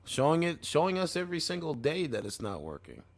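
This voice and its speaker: A man's voice: fairly high pitch, sing-song, brisk. A man giving loose, rambling casual commentary on clips as a streamer, often saying "man" and "bro".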